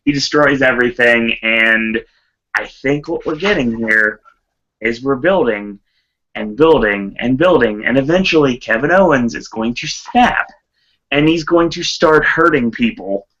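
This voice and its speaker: Podcast host, male, bright tone, quick play-by-play recap. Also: medium pitch, dull audio. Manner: brisk play-by-play recap, laughs easily. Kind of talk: casual podcast chat and match recap.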